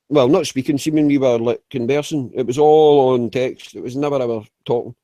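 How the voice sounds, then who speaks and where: A man's voice: medium pitch, fairly quick, dark tone, no room sound. A man chatting casually in an online voice room, swearing freely, laughing a lot and rambling with restarts. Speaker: chat room regular. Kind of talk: casual online group chat.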